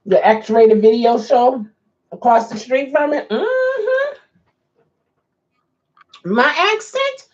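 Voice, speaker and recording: Chatty woman with a lively, lilting voice. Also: on the high side, a little slow. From Baltimore. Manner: chatty, reads comments aloud, laughs often. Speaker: rideshare driver and live streamer. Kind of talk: casual live-stream chat answering viewer comments. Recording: dull lo-fi sound.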